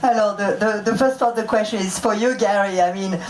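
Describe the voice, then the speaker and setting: A woman's voice: medium pitch, a little fast. A woman interviewing guests at a press Q&A, asking long, polite questions. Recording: echoey room with a faint crowd.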